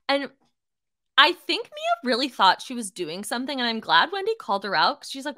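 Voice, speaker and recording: A young adult woman hosting a casual solo podcast, talking in an animated way with lots of fillers and swearing, and acting out quotes in shifting voices. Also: sits high, a little fast, no room sound, studio quality. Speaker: podcast host.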